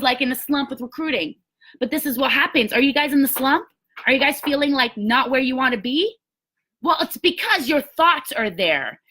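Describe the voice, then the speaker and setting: A woman with a high voice gives an emphatic motivational talk to her sales team. Her tone is bright and forceful, and she is blunt and sometimes swears as she pushes her listeners. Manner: emphatic, blunt, mildly profane pep talk.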